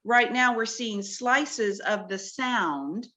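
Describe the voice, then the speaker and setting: A woman's voice: on the high side, takes it slowly, sharp tone. A woman, a talk-show guest, earnestly walking through slides of her research in a video-call conversation and explaining each with wonder.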